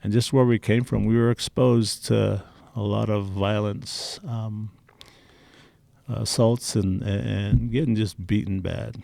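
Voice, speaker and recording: A man's voice: fairly low pitch, steady tone, slow, gravelly, dark tone, dry recording. A middle-aged man telling personal stories in a casual interview, candid and blunt. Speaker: interview guest.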